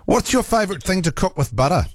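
Lively chatty New radio host. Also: male voice, sits high, fast talker, no room sound, clean studio sound. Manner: lively, chatty, jokey, prone to restarts. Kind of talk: talkback radio hosting. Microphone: studio microphone.

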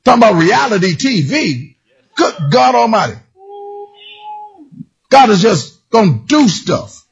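A man preaching a sermon with a husky, rasping voice that sits high and leaps around in pitch. He often breaks into shouts and a singsong lilt. The recording sounds dull and muffled. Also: a little slow, pauses often, faint music behind. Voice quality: raspy. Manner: animated, shouting, singsong emphasis.

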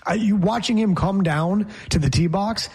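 A man's voice: sits high, normal speed, a little mellow, husky. A man hosting a casual sports talk show, chatty, sometimes mimicking an announcer's delivery. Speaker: host.

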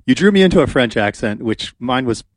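A man's voice: medium pitch, animated, fairly quick, no echo. Chatty male radio talk host, dry studio. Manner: chatty, rambling, many fillers.

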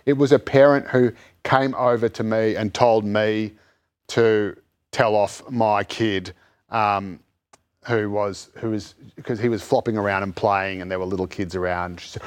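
A man's voice: on the low side, normal speed. Blunt, emphatic man on a panel. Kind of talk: casual panel chat.

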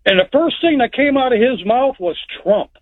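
A man's voice: very high-pitched, expressive, moderate pace. A man calling in to a radio show, telling a story in a rambling, plain-spoken way. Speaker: caller. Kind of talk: phone-in storytelling. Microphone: telephone. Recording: tinny phone line.

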